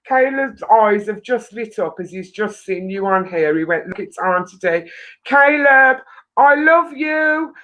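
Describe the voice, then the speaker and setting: A woman's voice: medium pitch, moderate pace, hardly any pauses, low-quality recording. A woman hosting a casual live stream, chatting in a rambling way to viewers and laughing often.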